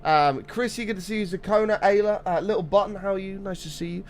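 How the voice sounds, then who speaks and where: A young man with a high, slightly rough voice hosts a casual gaming live stream, talking fast. He greets viewers by name and chats in excitable bursts.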